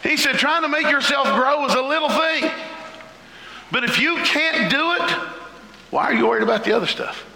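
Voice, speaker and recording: A male pastor delivers a fervent sermon in a high, gravelly voice, breaking into shouted lists. The sound carries the long reverb of a large church hall. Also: normal speed, a little hiss or hum. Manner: fervent preaching with shouted lists and sudden pitch leaps. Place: church sanctuary. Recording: echoey hall.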